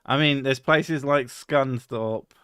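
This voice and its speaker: A man hosts a live stream, trading crude jokes and swearing freely in loose, rambling chat. His voice sits at an ordinary pitch, recorded close and dry with no room sound. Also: slow, fairly bright tone, smooth, dry recording. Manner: crude, joking, swears often. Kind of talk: casual chat.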